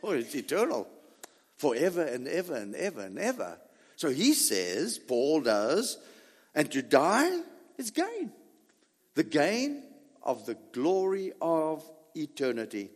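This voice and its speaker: A man preaching a sermon as pastor, emphatic and drawn out, with long dramatic pauses on key words. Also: fairly high pitch, wildly swooping pitch, slightly rough, long reverb tail.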